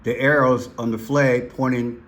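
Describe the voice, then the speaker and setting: A man hosting commentary over played clips, talking slowly and deliberately and hammering single words by repeating them. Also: mid-range voice, flat delivery, fairly bright tone. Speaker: commentary channel host.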